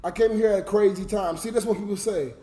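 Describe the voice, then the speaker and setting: A man's voice: sits high, quick pace, dark tone, a little hiss or hum. A drunk man livestreaming to his chat, crying and ranting in an emotional, slurred way. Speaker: livestreamer and YouTube comedian.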